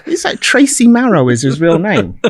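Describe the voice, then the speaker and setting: Lively storytelling woman journalist. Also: on the low side, normal speed, husky, dry recording, clean studio sound. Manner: animated, acts out quoted voices. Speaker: podcast guest, music journalist. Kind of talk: casual storytelling interview.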